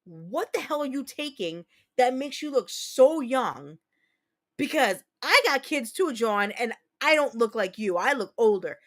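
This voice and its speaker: A woman's voice: fairly high pitch, lively intonation, measured pace. A woman in her thirties hosting a casual livestream chat, talking candidly and profanely as she tells stories and answers viewer comments. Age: 30s. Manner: candid, profane, chatty storyteller. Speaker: livestream host.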